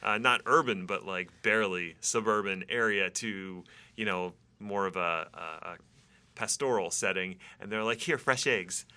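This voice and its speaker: A male podcast host with a very bright, sharp edge to his lowish voice. He asks questions in a relaxed, playful way and laughs often. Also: a little slow, smooth. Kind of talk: casual podcast interview.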